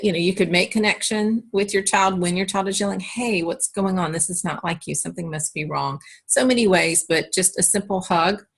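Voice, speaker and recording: A woman giving a calm, explanatory parenting lesson, now and then acting out short phrases a parent or child might say. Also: lowish voice. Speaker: parenting educator. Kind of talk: instructional talk to camera.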